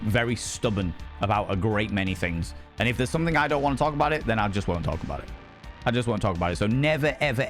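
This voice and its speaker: A man with a lowish, slightly bright voice streams a game and chats casually and playfully with his viewers, swearing freely.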